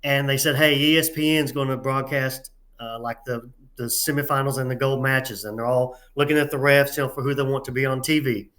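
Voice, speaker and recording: A man with a Southern drawl, a referee guest telling stories in an interview, halting with many filler sounds and a folksy, self-deprecating manner. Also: mid-range voice, flat delivery, fairly bright tone. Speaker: head tournament referee, guest. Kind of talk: casual interview storytelling.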